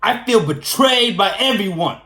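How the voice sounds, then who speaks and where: A man ranting to the camera in a casual vlog, indignant and worked up, hammering the same phrases again and again. His voice sits high and swings widely in pitch. The room around him rings with echo. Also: measured pace. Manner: animated and indignant, repeats phrases for emphasis. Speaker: vlogger. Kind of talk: casual storytelling rant.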